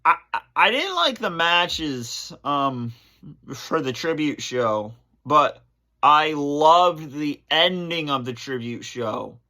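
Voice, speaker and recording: A man hosting his channel, answering fan questions on camera in a halting, emotional way, full of fillers and restarts. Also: a little high, sing-song, sharp tone. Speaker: channel host.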